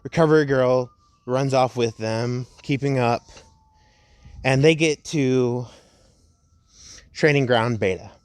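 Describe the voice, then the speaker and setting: A young man at home casually narrating a fan story, rambling and laid-back, slowing down for the dramatic parts. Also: mid-range voice, a little mellow, clean tone, dry recording.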